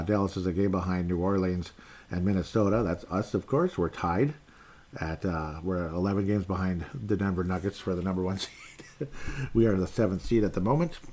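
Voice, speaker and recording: A man's voice: low voice, a little mellow, breathy edge. A man hosting a podcast, giving rambling and opinionated fan commentary in casual sports talk. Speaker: podcast host.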